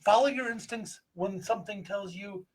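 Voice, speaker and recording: A man with a Midwestern American accent talks in a high, husky voice. His delivery is folksy and joking, the easy style of a co-host in a casual group chat about paranormal investigation. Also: moderate pace. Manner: joking, folksy advice-giving.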